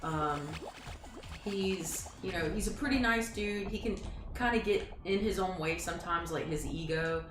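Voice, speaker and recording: A woman's voice: on the low side, measured pace, noisy background. A woman streamer telling a long rambling story in casual chat, full of fillers and asides. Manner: chatty, rambling, lots of fillers. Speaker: streamer host. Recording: echoey room with music. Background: faint music.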